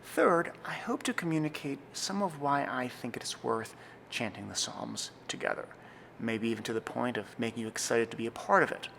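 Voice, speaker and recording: A young man, a church music director, giving an earnest, scripted tutorial, sometimes slowing to a careful, deliberate reading pace. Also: mid-range voice, vocal fry, fairly bright tone, a little hiss or hum. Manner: measured, earnest, reads slowly and deliberately in demonstrations. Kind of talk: scripted instructional talk.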